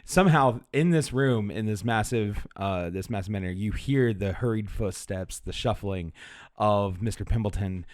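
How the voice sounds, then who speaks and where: Male game master, hesitant narrator, low, dry. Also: moderate pace, darkish tone, no echo. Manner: hesitant, many fillers and restarts.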